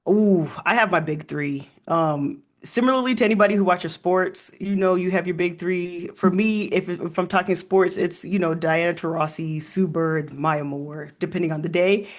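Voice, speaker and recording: A man's voice: high-pitched, steady tone, moderate pace, few pauses. A man speaking as a historian guest in a casual interview, telling stories with frequent ums and laughs.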